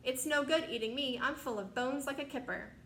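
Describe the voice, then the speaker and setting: A woman's voice: high-pitched, brisk, a bit bright, pitched above the performer's own voice. A woman doing a wailing, gloomy earthworm. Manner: wailing and doleful. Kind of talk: storybook reading. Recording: echoey room, faint noise.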